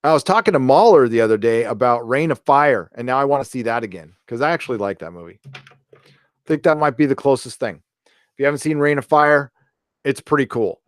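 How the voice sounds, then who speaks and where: Middle-aged male streamer, loose and jokey, smooth voice, dry close mic. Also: mid-range voice, animated, a little fast, no echo. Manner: rambling, reads donations aloud, jokey. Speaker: live stream host. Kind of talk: casual live stream chat.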